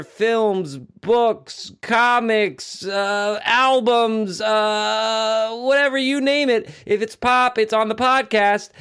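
A man co-hosting a casual podcast chat, animated and joking, swearing casually. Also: sits high, clear, resonant tone. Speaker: podcast co-host.

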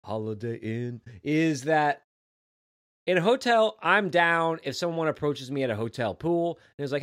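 A man in casual chat, telling a story with jokes and lively swings of pitch. His voice sits fairly high, and the recording is dry and close. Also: normal speed, no echo. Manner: animated, jokey, acts out quotes. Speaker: podcast co-host. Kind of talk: casual chat about a comic.

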